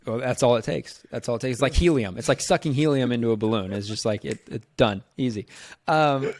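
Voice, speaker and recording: A man's voice: mid-range voice, brisk, darkish tone, no room sound. A man hosting a casual sports podcast, easygoing and agreeable, laughing along with his guest. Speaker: podcast host.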